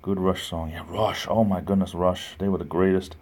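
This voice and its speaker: A man's voice: low-pitched, little pitch movement, normal speed, darkish tone, slight background noise. A man hosting a casual livestream, rambling, ranting and reading the chat aloud. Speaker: livestream host. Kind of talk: casual live-stream chat.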